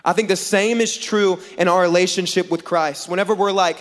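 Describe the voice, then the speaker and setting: High-voiced preacher in a reverberant hall. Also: male voice, brisk, hardly any pauses. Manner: animated, acts out dialogue in voices, jokes with the crowd. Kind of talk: sermon with comic storytelling. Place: large hall with a live audience on stage.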